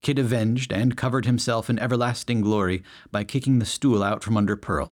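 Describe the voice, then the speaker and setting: A man's voice: medium pitch, fairly even intonation, brisk. A man narrating a western story in a wry storytelling manner. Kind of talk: audiobook narration.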